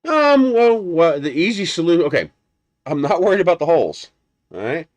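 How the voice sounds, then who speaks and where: A man's voice: a little high, big pitch swings, fairly quick, no room sound. A man hosting a live stream, chatting casually and rambling as he unboxes a printer and answers viewers. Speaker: 3D printing livestream host.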